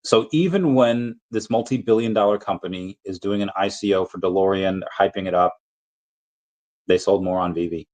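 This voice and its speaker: Deep and a little mellow, this man's voice moves at a moderate pace as he hosts a laid-back crypto livestream. He reads out viewer comments, wanders onto tangents, and cuts himself off mid-thought.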